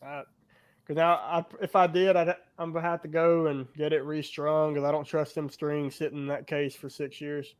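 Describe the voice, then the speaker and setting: A man's voice: on the high side, level tone, moderate pace, clear, resonant tone. A man hosting a podcast, rambling in casual chat with many fillers. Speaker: podcast host.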